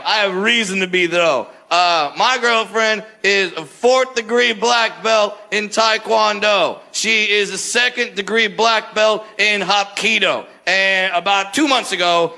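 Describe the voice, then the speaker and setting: A man doing stand-up, telling a story with animation and sometimes shouting at the crowd. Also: high voice. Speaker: stand-up comedian.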